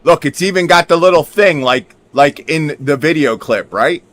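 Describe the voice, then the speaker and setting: A man, a video creator, speaks at a moderate pace with a fairly high pitch and fairly bright tone on a dry recording. While showing his screen he comments casually and emphatically, swearing occasionally and checking in with the audience again and again.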